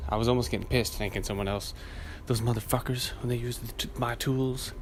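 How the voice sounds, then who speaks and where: A man's voice: mid-range voice, steady tone, a little fast, slight background noise. A man hosting a podcast alone, rambling casually and cursing freely, laughing at his own stories while hot and sweaty. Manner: profane, rambling, laughs at himself. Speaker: podcast host. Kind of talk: casual solo podcast rant.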